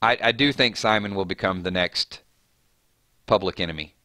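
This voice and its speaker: A man hosting a live fan commentary stream, animated and argumentative in a conversational way. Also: fairly low pitch, moderate pace, no echo. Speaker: host.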